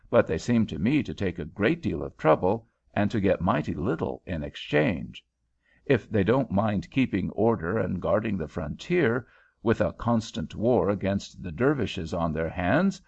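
Man reading as a laid-back skeptical american guy, low and gravelly, bouncy pitch. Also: a little mellow, exaggerated voice. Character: easygoing, reasonable American traveller man. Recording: dull lo-fi home recording.

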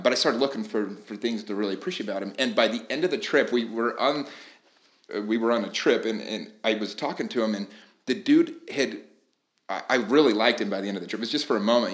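A man hosting a podcast, telling a story in a relaxed, thoughtful way. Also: medium pitch, roomy sound. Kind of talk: casual podcast chat.

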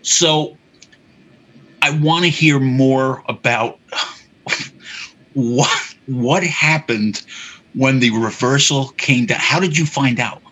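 A man hosting an interview, asking slow, unhurried questions and giving short encouraging replies. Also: mid-range voice, sharp tone, breathy edge, rough recording.

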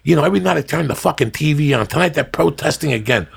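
A man's voice: fairly high pitch, expressive, quick pace. A man co-hosting a podcast, ranting bluntly and profanely in casual chat. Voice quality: gravelly, husky. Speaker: podcast co-host.

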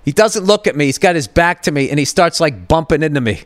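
A man's voice: fairly high pitch, lively intonation, fast, no room sound. A man in his fifties hosting a podcast, telling a rambling, profane comedic story with lots of restarts. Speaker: podcast host.

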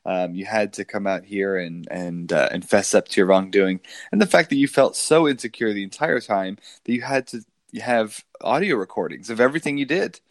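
Low-voiced man mocking politicians. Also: normal speed, few pauses, no room sound, clean studio sound. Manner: mocking, rambling with many fillers. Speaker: podcast co-host. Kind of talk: casual political banter.

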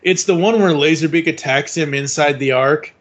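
A man's voice: fairly high pitch, moderate pace. A man hosting a podcast, chatting casually and enthusiastically, rambling with restarts. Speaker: podcast host. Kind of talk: casual fan chat.

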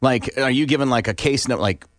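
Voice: medium pitch, fast, no room sound. A co-host in a casual chat who teases and asks lots of questions.

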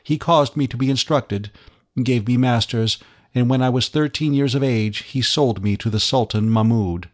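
A man's voice: medium pitch, normal speed, lightly acted. A man voicing a young woman in an audiobook, telling a sorrowful story with earnest feeling. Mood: grieving.

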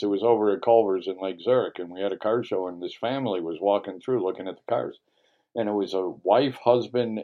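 Low, mellow-voiced man hosting radio chat. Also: muffled recording. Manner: storytelling, jokey and emphatic. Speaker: radio show host.

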